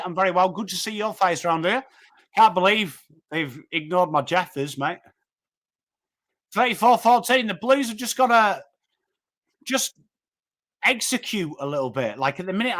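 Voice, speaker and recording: An English man calls a footy match live for his stream, his voice sitting a touch higher than most men's. He swings between urging his team on and greeting viewers by name, talking animatedly into a desk mic. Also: a bit bright. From England. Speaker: livestream host. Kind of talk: live watchalong commentary and chat replies.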